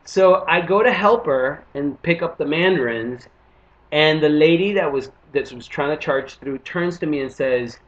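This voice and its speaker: A man's voice: fairly high pitch, moderate pace. A man from Panama doing stand-up, telling a story and acting out other people's lines. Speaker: stand-up comedian. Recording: muffled lo-fi recording.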